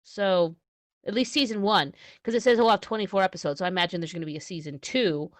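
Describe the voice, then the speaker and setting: A woman's voice: lowish voice, quick pace, no echo. A woman co-hosting a casual podcast, chatting and reading news aloud with small restarts. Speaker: podcast co-host.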